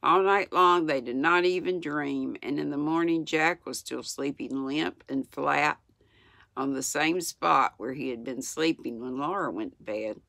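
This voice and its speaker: A woman in her sixties with a Southern US accent, reading a children's book aloud in a gentle, unhurried way with small slips. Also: sits low, creaky, dry recording, clean studio sound. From United States. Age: 60s. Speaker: channel host reading aloud. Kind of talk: storybook read-aloud.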